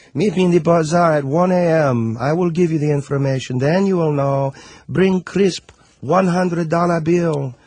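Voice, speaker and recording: A man's voice: on the high side, measured pace, darkish tone, no echo, voice pushed up. Sly bazaar merchant, conspiratorial, thick put-on foreign accent, slightly raised voice, a man putting it on. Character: sly male bazaar merchant selling secrets.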